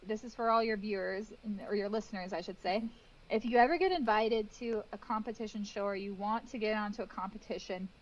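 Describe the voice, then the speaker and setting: A woman in her thirties, a guest cake decorator in a casual interview, telling lively stories and acting out what people said. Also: mid-range voice, lo-fi sound. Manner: animated storytelling with acted-out quotes and laughs.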